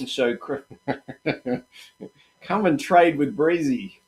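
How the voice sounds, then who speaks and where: A man's voice: on the high side, lively intonation, extremely slow. A middle-aged Australian man hosting a live trading stream, chatty and encouraging, calling viewers "mate" and "guys". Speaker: live trading room host.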